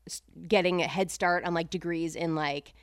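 A woman in her thirties co-hosting a podcast, chatting casually and getting emotional with quick asides. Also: fairly low pitch, steady tone, no room sound, studio quality. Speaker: podcast co-host. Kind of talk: casual chat.

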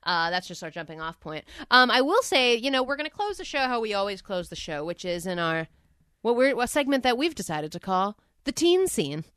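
A woman's voice: mid-range voice, very animated, fairly quick, a bit bright, smooth, dry recording, clean studio sound. A woman co-hosting a podcast, chatting casually and playfully, telling stories with animation. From small town. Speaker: podcast co-host. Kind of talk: casual chat.

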